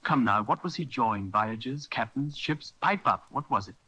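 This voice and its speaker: A man's voice: medium pitch, animated, normal speed, bright, forceful tone, slightly rough, rough recording. A man voicing a hearty, cunning one-legged pirate cook who talks in bluff, blustering sea-dog phrases. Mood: stern.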